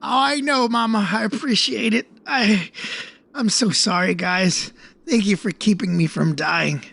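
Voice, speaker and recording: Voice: medium pitch, measured pace, gravelly, fairly bright tone, breathy edge, exaggerated voice. A player voicing Aster, a shaken, dramatic young adventurer who rambles emotionally in a put-on accent. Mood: grateful. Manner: emotional, rambling, self-pitying.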